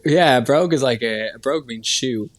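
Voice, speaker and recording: A man's voice: mid-range voice, moderate pace, no room sound. A man with an Irish accent, a guest hairstylist chatting in an easygoing, wry way. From Ireland. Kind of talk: casual chat.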